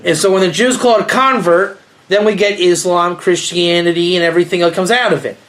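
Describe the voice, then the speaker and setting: Speaking a little fast in a high-pitched voice, a male rabbi rambles and jokes through an informal talk to a small group, staying animated and asking them questions.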